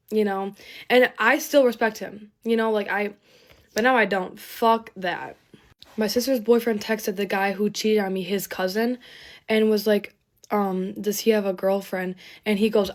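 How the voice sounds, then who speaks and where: A young woman telling a personal story while getting ready, rambling with many fillers and frequent swearing, shaken and emotional. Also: medium pitch. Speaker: TikTok storyteller. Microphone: phone camera.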